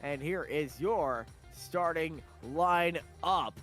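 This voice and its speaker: Man, race commentator, bright tone, music bed behind. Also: fairly high pitch. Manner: brisk play-by-play, reading off the starting grid. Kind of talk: sim racing commentary.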